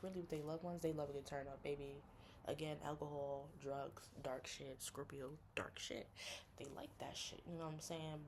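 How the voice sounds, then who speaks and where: Slangy animated woman chatting. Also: slight background noise. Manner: animated, slangy, acts out friends in high voices. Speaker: astrology content creator. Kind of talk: casual chat.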